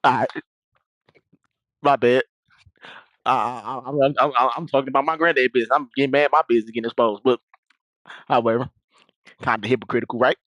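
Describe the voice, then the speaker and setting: A man's voice: mid-range voice, fairly even intonation, fast talker, fairly bright tone, no echo, clean studio sound. A young man streaming and casually telling a story to his chat, rambling with many restarts and asides.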